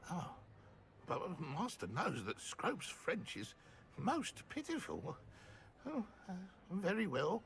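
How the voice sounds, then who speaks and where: A timid house-elf servant from a video game, fawning and stammering. His voice is gravelly and high, swooping wildly up and down. He talks slowly and refers to himself in the third person. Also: huge pitch swings, a bit bright, heavily acted. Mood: nervous.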